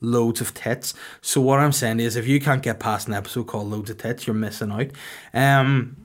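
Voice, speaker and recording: A man in his thirties with a Northern Irish accent, hosting a podcast with crude, deadpan comic storytelling. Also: mid-range voice, normal speed. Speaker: podcast host. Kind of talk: casual comedic podcast chat.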